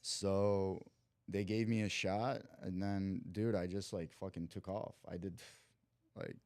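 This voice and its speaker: A young man with a deep, mellow, smooth voice tells a long story as a podcast guest. He talks in loose slang with plenty of "like" and acts out what everyone in the story said. The sound is dry and close to the mic. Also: slow, no echo. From Cleveland, USA. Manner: lively storyteller who acts out quoted dialogue; loose slang and frequent "like" fillers. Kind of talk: casual storytelling.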